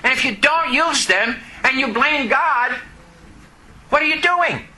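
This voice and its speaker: Preacher, male, very high and piercing voice, emphatic, quizzes the congregation. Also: lively intonation, unhurried, poor audio. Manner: emphatic, questions the congregation, rises to shouting. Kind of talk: sermon. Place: church service.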